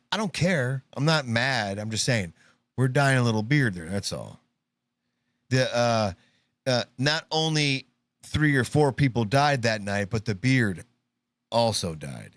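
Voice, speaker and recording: A man's voice: medium pitch, no echo. Sarcastic male host riffing on clips. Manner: sarcastic, mocking, puts on voices to act out clips. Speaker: live show host. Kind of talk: casual commentary on news clips.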